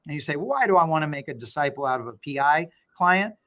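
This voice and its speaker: A middle-aged man, a law firm owner, talking as an interview guest and telling stories with animated, acted-out dialogue. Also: a little high, quick pace. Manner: animated storyteller, acts out quoted dialogue. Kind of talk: conversational interview.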